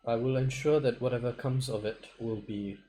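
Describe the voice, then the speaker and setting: An earnest man playing a tabletop game, speaking in a mellow, warm voice. He turns formal and careful when talking in character. Faint noise sits behind him. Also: medium pitch, steady tone, normal speed. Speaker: player.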